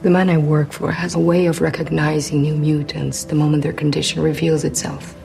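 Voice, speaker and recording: A calm, controlling woman doctor in a film. Her voice sits low with a gravelly fry, and she speaks softly and reassuringly over a clear music bed. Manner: soft, measured, reassuring.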